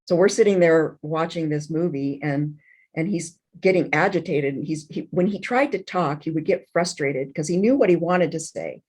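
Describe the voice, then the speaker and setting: A middle-aged woman, an interview guest, telling a painful personal story in an emotional, halting way, with many restarts and fillers. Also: low-pitched, a little mellow.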